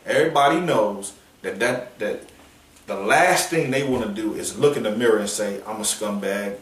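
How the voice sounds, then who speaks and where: A man preaching on a downtown street in a forceful, confrontational, slangy manner, with call-and-response from listeners. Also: medium pitch, lively intonation, normal speed. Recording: echoey street sound from a distance.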